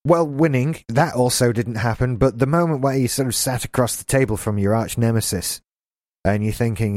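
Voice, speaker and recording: Guy chatting on a podcast, goofy riffs, mid pitch, dead dry room. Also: normal speed, a little mellow, dry recording. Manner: jokey, rambling riffs. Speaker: podcast co-host. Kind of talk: casual chat.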